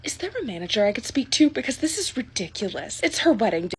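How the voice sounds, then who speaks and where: An entitled middle-aged customer, played by a young woman, who demands everything in a high, swooping voice. She speaks indignantly, stumbling and restarting her sentences as she makes her complaints. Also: big pitch swings, quick pace, slightly rough, heavily acted.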